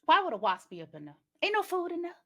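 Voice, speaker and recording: A woman's voice: very high voice, huge pitch swings, fast. A woman co-hosting a podcast, recapping a movie in casual chat, blunt and joking with emphatic asides. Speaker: podcast co-host.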